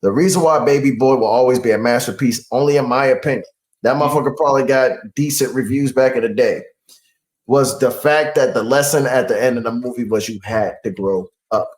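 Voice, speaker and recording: A man's voice: medium pitch, a little fast, a little mellow. Laughing man in an echoey room. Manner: laughing, slangy, emphatic. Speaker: podcast co-host. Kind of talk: casual chat.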